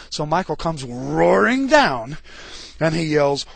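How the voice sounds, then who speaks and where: A man giving an informal lecture on scripture, animated and colloquial, with dramatic emphasis and frequent asides to his listeners. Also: fairly high pitch, a little fast, creaky, husky, no room sound.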